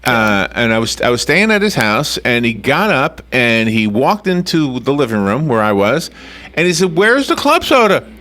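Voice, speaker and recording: Man, radio host, lively storyteller, bright tone, acts out quotes. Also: mid-range voice, normal speed. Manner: animated storyteller, acts out quotes, laughs often. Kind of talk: casual radio chat, retelling funny stories.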